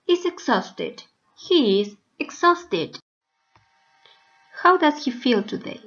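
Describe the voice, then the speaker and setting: A woman teaching a recorded English lesson to young students, speaking slowly with carefully spaced words. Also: a little high, a bit bright. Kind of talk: slow recorded video lesson. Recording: dull lo-fi recording.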